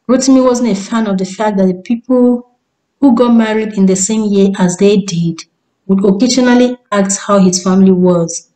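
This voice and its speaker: A woman storyteller giving a measured, descriptive scripted narration. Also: medium pitch, dark tone, rough recording.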